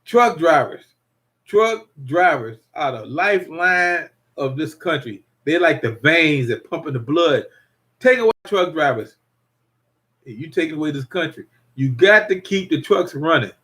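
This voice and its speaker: A man's voice: a little high, big pitch swings, measured pace, a bit bright. An older man hosting a casual livestream, rambling and repeating himself while greeting viewers. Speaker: livestream host.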